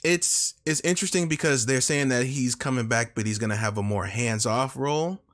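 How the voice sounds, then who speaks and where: A man co-hosting a casual gaming podcast, relaxed and joking. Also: medium pitch, fairly quick. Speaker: guest co-host.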